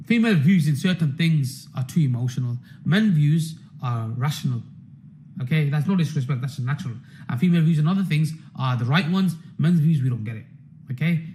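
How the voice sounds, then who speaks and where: A man's voice: a little high, dark tone, a little hiss or hum, rough recording. A man hosting a members' market stream, rambling, swearing and repeating himself in a casual rant.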